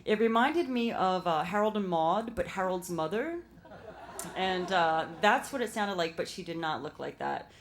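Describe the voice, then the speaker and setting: A woman's voice: fairly low pitch, animated. A young woman with a Philadelphia accent telling a personal story live on stage, chatty and filler-heavy. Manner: chatty, fast when nervous, lots of fillers.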